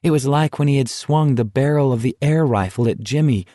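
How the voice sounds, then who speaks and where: A man reading an audiobook as narrator in a measured, tense dramatic style. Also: mid-range voice, mellow, dry recording, clean studio sound. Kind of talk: scripted narration.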